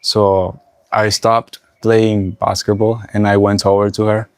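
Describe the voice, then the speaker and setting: A young man from Nicaragua speaking English with a Nicaraguan Spanish accent, a native Spanish speaker telling his story in a casual interview with halting restarts. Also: lowish voice, little pitch movement, smooth, no room sound. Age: young adult. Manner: halting, restarts often while recalling.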